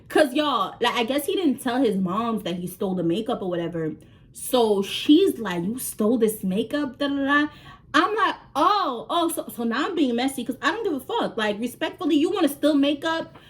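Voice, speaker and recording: A woman's voice: high voice, sing-song, normal speed. A woman vlogger telling a story in a casual, slangy way, swearing freely and acting out the voices of the people in it.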